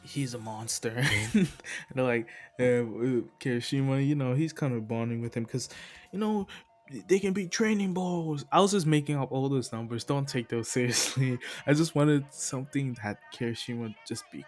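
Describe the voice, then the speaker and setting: A man's voice: mid-range voice, normal speed, soft background music. A man casually retelling a fan-made anime story, rambling, correcting himself and laughing at his own jokes. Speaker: video creator.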